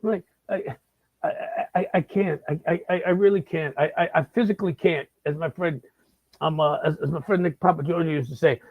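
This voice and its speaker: A man's voice: a little high, fairly quick, no room sound. A man hosting a comedic live-stream monologue, rambling and stammering with lots of repeated words. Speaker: host. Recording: slightly dull lo-fi sound.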